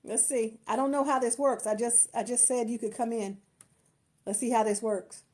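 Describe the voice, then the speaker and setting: A woman talks to her followers on a phone live stream, gushing with gratitude and often restarting her sentences. Her voice sits a little high for a woman. She speaks as a marketer and empowerment coach, in a casual, chatty way. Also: fairly even intonation, moderate pace, darkish tone. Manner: effusive, grateful, lots of restarts and laughter.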